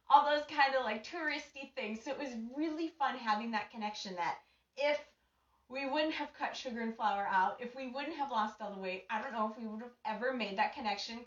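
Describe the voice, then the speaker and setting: A woman's voice: sits high, fairly bright tone. A woman hosting a live-streamed cooking show, chatting in a bubbly, gushing way and greeting viewers by name. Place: home kitchen. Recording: echoey, distant and slightly dull.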